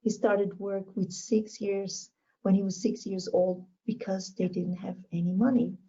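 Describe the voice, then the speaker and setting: A woman's voice: mid-range voice, level tone, unhurried, warm tone, lo-fi sound. A woman giving a motivational keynote talk, emphatic and repeating her key phrases. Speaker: motivational speaker.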